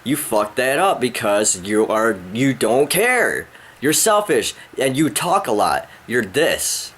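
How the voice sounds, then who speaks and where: A man's voice: very animated, slow, a bit bright, husky. Profane ranting young-sounding man. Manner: profane, rambling, confrontational, with a rising pitch when worked up. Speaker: vlogger. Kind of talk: angry rant to the camera. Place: at home indoors.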